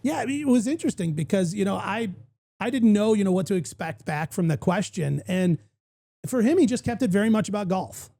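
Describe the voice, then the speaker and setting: A man's voice: sits high, expressive, a little fast, vocal fry, warm tone. A man hosting a casual golf podcast, rambling through stories with lots of fillers. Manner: rambling, filler-heavy storytelling. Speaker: podcast host.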